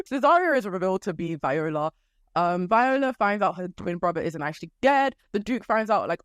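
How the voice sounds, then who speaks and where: A young woman hosts her podcast in a relaxed, chatty way, retelling a story playfully and slipping into quick character quotes. Her voice sits at a middle pitch. It is recorded close and dry, with no room sound. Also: no room sound. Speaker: podcast host. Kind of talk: casual storytelling chat.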